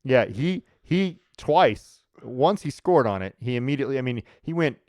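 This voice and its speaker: A man's voice: medium pitch, expressive, normal speed, darkish tone, dry recording, studio quality. A man hosting a sports podcast, chatting casually and rambling with restarts and laughs.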